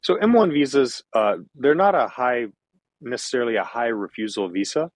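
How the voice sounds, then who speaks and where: A man from Kentucky with a General American accent, a former visa officer calmly explaining in an interview and repeating his key points. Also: mid-range voice, moderate pace, no room sound, poor audio. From Kentucky, USA. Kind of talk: interview answers.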